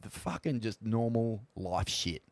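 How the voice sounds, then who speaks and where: A man's voice: on the low side, lively intonation, unhurried, no room sound. A man hosting a podcast, chatting casually, swearing freely and laughing through his stories. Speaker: podcast host. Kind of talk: casual chat.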